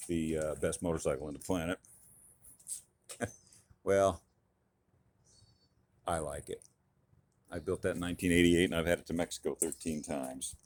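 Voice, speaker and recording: A man's voice: extremely low pitch, darkish tone, slight background noise. A middle-aged man talking casually and enthusiastically about his car repair, folksy and rambling with fillers. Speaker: car hobbyist vlogger. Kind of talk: casual DIY car vlog.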